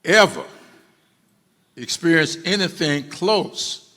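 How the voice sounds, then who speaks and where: Addressing an audience, a man gives an emphatic public speech and repeats key phrases for stress. His voice is slightly high, expressive, bright and forceful, with a slow pace, and the hall adds long reverb.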